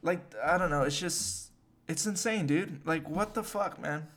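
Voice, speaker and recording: Slangy, foul-mouthed young man, a bit high. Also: a little slow, fairly bright tone. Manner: slangy, profane, rambling. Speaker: podcast host. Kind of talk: casual chat.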